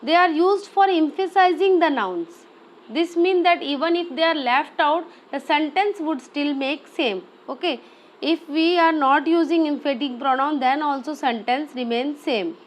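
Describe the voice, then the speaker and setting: A high-pitched woman walks through a grammar lesson. She speaks slowly and deliberately, pausing to ask "okay?" as she explains each point. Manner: explains step by step, often checks "okay?". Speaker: teacher.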